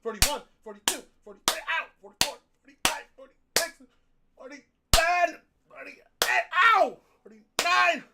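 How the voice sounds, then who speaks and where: Guy streamer cursing nonstop, hurting and exasperated, voice way up high. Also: lively intonation, normal speed, gravelly, noisy background. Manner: profane, whiny and exasperated. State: in pain, groaning. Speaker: live streamer reading donations. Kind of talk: casual live-stream chat.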